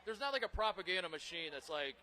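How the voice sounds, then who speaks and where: His voice sits high and he talks fast, with a little hiss or hum on the recording. This northern U.S. man co-hosts a relaxed conversation in a crowded bar, telling lively stories punctuated by frequent laughter.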